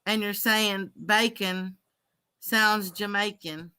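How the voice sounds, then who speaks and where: A woman's voice: medium pitch, fairly even intonation, pushed and bright, a little hiss or hum, poor audio. A woman co-hosting a livestream, playfully reading out viewer comments. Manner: playful, reads comments slowly. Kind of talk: casual live-stream chat.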